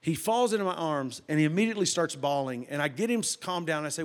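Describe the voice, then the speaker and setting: A middle-aged man, preaching a sermon and telling a story, swinging from loud bursts to hushed retelling. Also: fairly high pitch, animated, fast talker, few pauses. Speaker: pastor.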